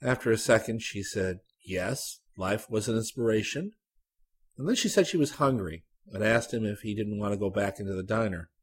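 A man reading a literary short story aloud, narrating at a measured, even pace. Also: fairly low pitch, breathy edge.

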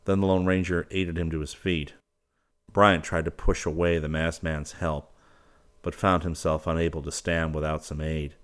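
A man narrating a western audiobook in an even storytelling manner. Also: very deep voice, moderate pace.

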